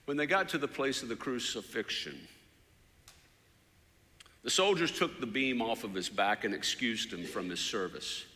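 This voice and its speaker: Guy telling a sermon story, bright voice, swings loud to quiet, echoey hall. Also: medium pitch, expressive, normal speed, long pauses. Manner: dramatic retelling, voice rising loud for quoted shouts and dropping soft for prayers. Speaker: preacher. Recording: long hall reverb.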